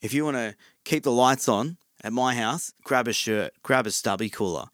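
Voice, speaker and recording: A man's voice: mid-range voice, normal speed, no room sound, clean studio sound. A man with an Australian accent hosting a podcast, chatting casually with lots of ums. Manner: chatty, relaxed, many ums. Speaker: podcast host.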